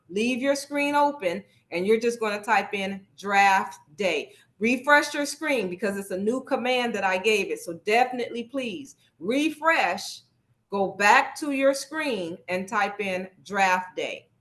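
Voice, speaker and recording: A woman's voice: medium pitch, fairly bright tone. Woman instructor, casual and encouraging, leads an online class over a video call. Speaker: workshop instructor. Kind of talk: live online workshop teaching.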